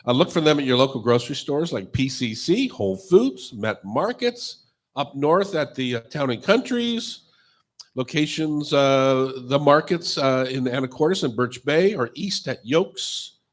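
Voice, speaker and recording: A man's voice: medium pitch, animated, a little slow. A man hosting a live radio cooking show in front of a studio audience, joking loosely and reading sponsor plugs off the cuff.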